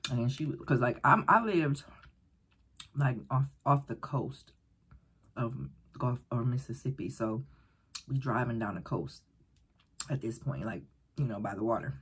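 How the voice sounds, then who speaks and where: A woman vlogger casually telling a story while eating, animated and rambling, acting out the voices of people she quotes. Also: very deep voice, unhurried, long pauses. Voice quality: very breathy, husky.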